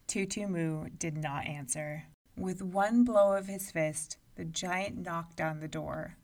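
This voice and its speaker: Slow-paced woman reading a story aloud. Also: fairly low pitch, distant mic. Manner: expressive, measured storytelling. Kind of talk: read-aloud storybook narration.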